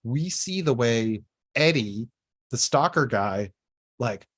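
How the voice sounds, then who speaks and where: A man's voice: medium pitch, animated, slow, fairly bright tone, dry recording. A man co-hosting a casual show recap, rambling with many fillers and restarts and laughing often. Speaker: podcast co-host.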